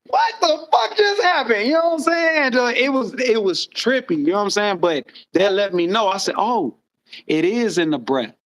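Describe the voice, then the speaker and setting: A man with a notably high voice rambles through his stories in casual chat. He is animated and swears often, and his phrases keep circling back on themselves. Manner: rambling, animated storytelling with frequent profanity.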